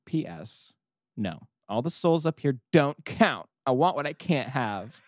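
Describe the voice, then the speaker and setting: A man's voice: mid-range voice, sing-song, a little slow, no echo, clean studio sound. A man reading aloud as a self-pitying male God who keeps a diary, in a melodramatic, whiny manner. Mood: mopey.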